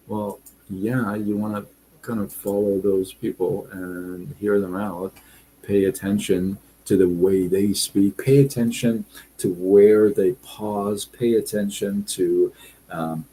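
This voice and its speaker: Reading out viewer comments on a casual live stream, a man talks in a relaxed, deliberate way, using fillers often. His voice is low, and the poor audio carries a little hiss or hum.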